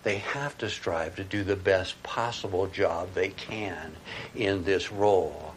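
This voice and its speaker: Male preacher, emphatic sermon delivery, lowish voice, faint background noise. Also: takes it slowly. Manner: emphatic, with rhetorical questions.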